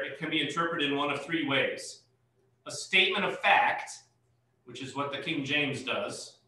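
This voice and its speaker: A man's voice: fairly high pitch, sharp tone. A man pastor leading a Bible study, explaining verses patiently and lifting his voice on key points. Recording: echoey room, mic far off.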